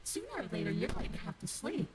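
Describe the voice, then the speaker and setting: An actress voicing a chained, vengeful young princess who threatens coldly and deliberately in a video game. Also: female voice, sits high, huge pitch swings, poor audio. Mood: menacing.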